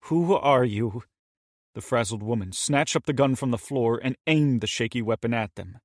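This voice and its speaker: A man narrating an audiobook in a steady, measured way on a close mic. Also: mid-range voice, no echo. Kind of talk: scripted narration.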